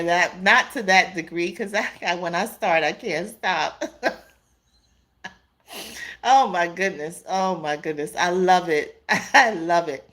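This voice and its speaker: A woman's voice: on the low side, slow, a bit bright. A woman hosting a casual live stream, reading viewer comments aloud, laughing often and calling her viewers "y'all" and "honey".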